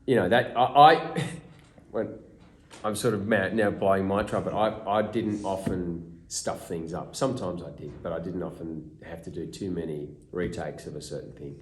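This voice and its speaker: An Australian man tells casual stories to a small group of fans, his voice sitting fairly low. He talks animatedly, restarts his sentences often and slips into voicing the people in his stories. The room is echoey. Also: moderate pace, slight background noise. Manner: animated storyteller, acts out quotes, many restarts. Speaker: actor guest at a fan meet-and-greet. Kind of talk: casual anecdotes told to fans. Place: small room at a fan convention.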